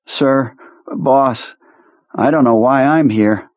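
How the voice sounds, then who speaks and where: A man's voice: mid-range voice, slow pace, darkish tone, no echo, muffled recording, voice pushed up, close to an everyday voice. A man voicing a flustered male soldier protesting his innocence in an audiobook. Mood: defensive. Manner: defensive, whiny protests.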